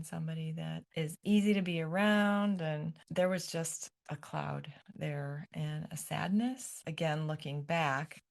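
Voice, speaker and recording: Grandma type, middle aged, real gravelly low voice, gentle and careful, kinda searching for words. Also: female voice. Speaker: guest, grandmother. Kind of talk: reflective podcast conversation.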